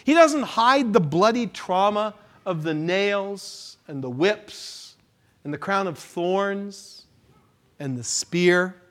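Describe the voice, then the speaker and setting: A male pastor delivering a sermon in a high, very animated voice. He speaks slowly and deliberately, dropping to near hushes and then surging up for emphasis. His delivery is dramatic and heartfelt. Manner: dramatic preaching with sudden hushed drops and rises.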